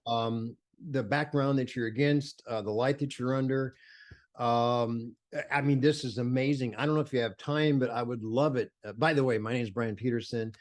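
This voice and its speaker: Medium in pitch, fairly even in intonation, and normal in speed, this is the voice of an older male photographer being interviewed. He recounts stories with enthusiasm and lots of fillers and restarts, imitating the people he quotes in animated conversational storytelling.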